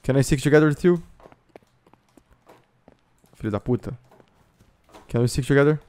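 Excitable Brazilian gaming YouTuber. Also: male voice, mid-range voice, normal speed. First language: Brazilian Portuguese. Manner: excitable, loud outbursts and cursing. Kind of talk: live gameplay commentary and voice chat.

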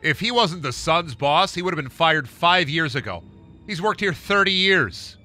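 A man doing a tired middle-aged office worker, droning through water-cooler small talk in a low, mumbling voice. He hesitates with uhs and sighs, sounding worn down by the job. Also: lively intonation, normal speed, sharp tone, soft background music. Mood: weary small talk. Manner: low, mumbling, weary chit-chat full of hesitations.

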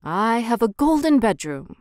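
A woman's voice: on the high side, big pitch swings, unhurried, darkish tone, no room sound, studio quality. A woman voicing a vain, fussy little male swallow who chatters and gets straight to the point.

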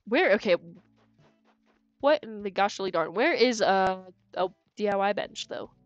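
A woman's voice: mid-range voice, lively intonation, measured pace, dry recording, muffled recording, faint music behind. A woman streamer giving live game commentary in a chatty, giggly way, thinking aloud and stumbling over repeated words.

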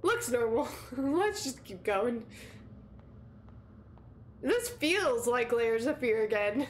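High-pitched woman, let's play streamer, giggly, reads game lines playfully. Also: very animated, takes it slowly, slight background noise. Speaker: gaming streamer. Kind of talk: reading game dialogue aloud in a let's play.

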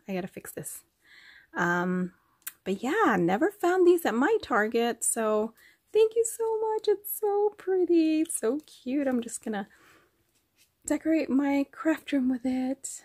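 Woman host of a home craft vlog, slightly high voice, unhurried, effusive and chatty. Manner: gushing, effusive, addresses viewers as you guys. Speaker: craft vlogger showing gifts. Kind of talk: casual show-and-tell vlog.

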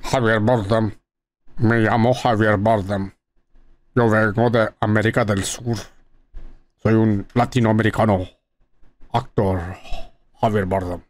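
A man putting on a slow, heavy, deep voice in a mocking impression of an actor. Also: little pitch movement, darkish tone, a little hiss or hum, close to an everyday voice. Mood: mock-solemn.

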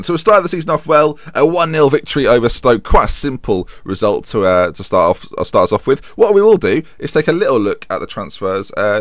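A man commentates his football management game in a loose, chatty way, tossing in jokes and self-deprecating asides. His fairly low voice swings widely in pitch as he reacts. The sound is dry and close. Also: fairly bright tone, no echo. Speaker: gaming YouTuber.

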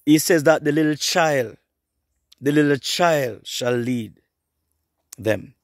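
A middle-aged man preaching an online sermon, fervent and repetitive, swinging between hushed and rising passages. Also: on the high side, slow, no room sound, studio quality.

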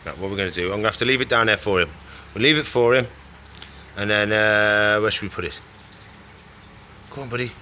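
A man's voice: lowish voice, fairly quick, long pauses, pushed and bright, highs cut off, slight background noise. Chatty man coaxing reptiles at feeding. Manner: coaxing and scolding the animals in a chatty, playful way. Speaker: reptile keeper feeding his animals. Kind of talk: casual vlog narration while working.

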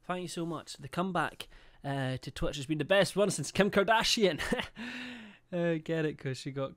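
A young man hosts a game live stream in a loose, chatty way. His voice sits a bit high for a man. He swears freely and reads out chat and subscriber messages as he talks. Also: normal speed, a bit bright. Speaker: livestreamer.

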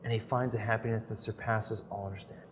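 A man giving a teaching lecture on scripture, telling a story earnestly and moving between emphatic and hushed delivery. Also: on the low side, little pitch movement, quick pace, in a large hall, a little hiss or hum.

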